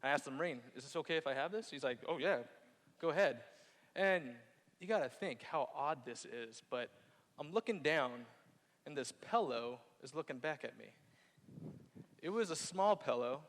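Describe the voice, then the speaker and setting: A man's voice: a little high, expressive, normal speed. A man who served in Iraq, telling a playful, jokey personal story on stage and acting out scenes. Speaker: Marine veteran telling his story on stage. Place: theater stage. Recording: hall reverb.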